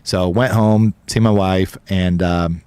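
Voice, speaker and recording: A man's voice: deep voice, steady tone, slow pace, darkish tone, clean tone, no room sound. A man guesting on a podcast interview, telling a long story in a casual, rambling way with the odd swear word. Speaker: podcast guest, business co-owner.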